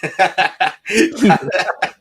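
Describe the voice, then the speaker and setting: A man talking as a guest fan in a casual football chat, excitable and enthusiastic, laughing often. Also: sits high, extremely slow, husky.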